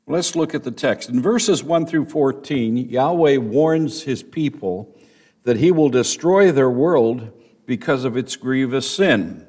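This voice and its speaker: Man, pastor, sermon, slow unhurried delivery, mid-pitched voice, emphatic teaching. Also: animated, a little mellow, breathy edge. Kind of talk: expository sermon.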